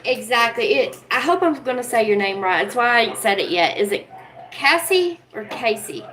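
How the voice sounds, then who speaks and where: A woman's voice: on the high side, brisk, bright, forceful tone, low-quality recording. A woman hosting a casual livestream from home, talking earnestly and with feeling to her chat viewers. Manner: earnest, emotional, talks straight to chat viewers. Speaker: livestream host.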